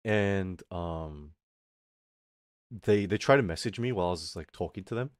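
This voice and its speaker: A man's voice: low voice, normal speed, no room sound, studio quality. A man streaming and chatting with his audience, telling a story in a casual rant. He swears freely and reads out his chat as he goes.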